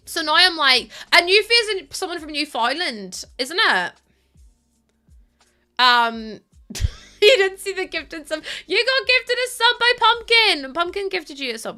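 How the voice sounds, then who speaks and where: A young woman chats through a live stream. She talks with her viewers in a teasing, playful way, and her voice swoops and bounces all over the place. Soft game music plays behind her. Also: high-pitched. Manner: chatty, teasing, quick to laugh, talks to chat. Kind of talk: casual live-stream chat while gaming.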